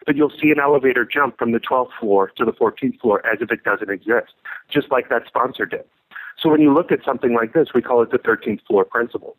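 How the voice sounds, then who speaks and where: A man tells a workplace joke in a relaxed, conversational way. He leans on key words for emphasis. His voice sits at a mid pitch. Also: poor audio. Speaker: project management speaker. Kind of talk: storytelling a joke.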